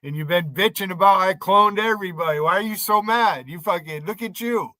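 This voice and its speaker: Male streamer, combative and foul-mouthed, calls out chat viewers; slightly high, sharp-toned voice. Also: fairly quick, dry recording. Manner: profane, taunting, combative; addresses chat viewers by name. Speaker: livestream host. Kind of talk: ranting livestream commentary.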